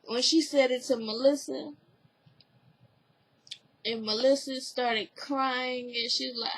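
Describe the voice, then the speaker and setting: A woman vlogger recaps a TV episode in a casual spoken review, her high voice slow, steady, fairly bright and a little breathy. She rambles, says "like" and "you know" constantly, and comes across as earnest and emotionally open. The recording is rough.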